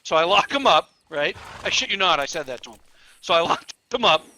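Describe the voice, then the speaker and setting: High bright-voiced cop telling stories. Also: male voice, fairly quick, poor audio. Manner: profane, laughs mid-story; animated, acts out quotes. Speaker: police officer. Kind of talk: casual storytelling while gaming.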